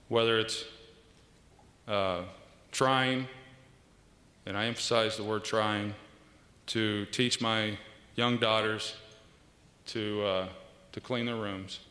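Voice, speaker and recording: A man, giving an earnest, measured acceptance speech at a podium with pauses and small restarts. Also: medium pitch, sharp tone. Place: large banquet hall. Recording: echoey hall with long reverb.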